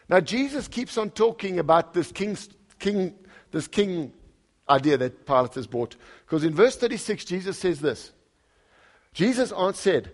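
The pastor speaks unhurriedly in a high-pitched voice, preaching conversationally. He puts questions to the congregation and reads scripture out loud with lively emphasis.

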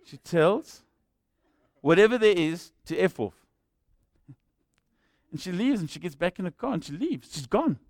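A man's voice: high-pitched, big pitch swings, a little slow, long pauses, a little mellow, no room sound, clean studio sound. A man with a South African accent preaching a sermon as a jokey storyteller who acts out the people in his stories.

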